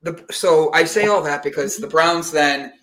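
An animated male talk-show host who spins stories and slips into other people's voices as he goes. His voice sits a little high for a man and has a bright, forceful edge. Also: moderate pace. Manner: animated storyteller who acts out quotes. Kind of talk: casual radio show banter.

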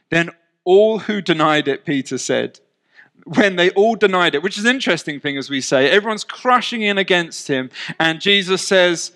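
A man's voice: sits high, pushed and bright. A man preaching a sermon, reading scripture aloud and acting out the quoted lines, with jokey, conversational asides between readings. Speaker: pastor.

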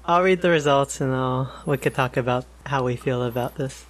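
A man co-hosting a podcast in casual chat, relaxed and full of fillers, steering the topics. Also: medium pitch, normal speed. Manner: laid-back, filler-heavy, leads the topics. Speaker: podcast co-host.

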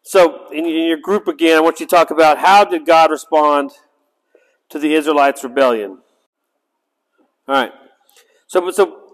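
Man reading scripture with chatty asides. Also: on the high side. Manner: chatty, breaks into asides and asks "right?". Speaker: Bible study teacher. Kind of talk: casual Bible teaching with scripture reading. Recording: long reverb in a hall.

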